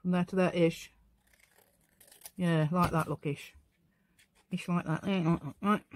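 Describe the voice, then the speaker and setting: A woman's voice: fairly low pitch, fairly even intonation, a little slow, a little hiss or hum. A tired, middle-aged woman hosting a casual crafting tutorial, chatting and rambling to herself as she works at home. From England. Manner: rambling, chatty, talks to herself while working. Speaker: craft channel host.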